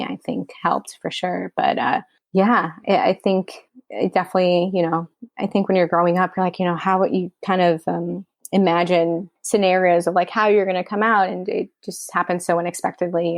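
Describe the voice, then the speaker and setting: A woman's voice: lowish voice, gravelly, dry recording. A woman from Queens, New York, a writer-director telling a personal story in an interview, candid and emotional, her speech full of "like" and "you know.".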